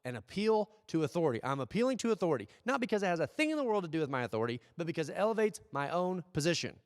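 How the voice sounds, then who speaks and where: A man's voice: fairly high pitch, big pitch swings, rapid-fire. An American man preaching a conversational sermon, asking rhetorical questions and acting out little asides. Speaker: pastor. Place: church service. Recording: dry sound with long hall reverb.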